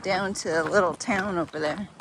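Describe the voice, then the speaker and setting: A woman chatting in a relaxed, matter-of-fact way while walking outdoors on a trail. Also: on the low side, moderate pace, noisy background. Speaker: thru-hiker, vlogger's wife. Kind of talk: casual chat while walking. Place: outdoors on a trail road walk.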